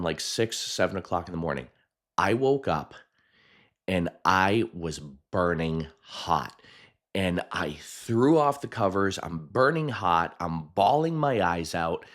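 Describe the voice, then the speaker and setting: A man, a hypnotist, telling a personal story in a chatty, animated way, with frequent laughs and fillers. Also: deep voice. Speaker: hypnotist and video host.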